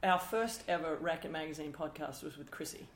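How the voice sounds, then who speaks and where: A woman hosting a podcast in casual conversation, chatty and quick to laugh. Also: sits low. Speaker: podcast host. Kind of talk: casual interview chat. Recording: roomy room with faint hum.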